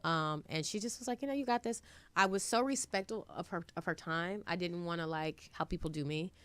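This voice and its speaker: Animated woman, lively storyteller. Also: on the low side, fairly quick, clear, resonant tone, no room sound. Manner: animated, acts out quoted voices. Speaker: guest, trucking entrepreneur. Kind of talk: casual interview chat.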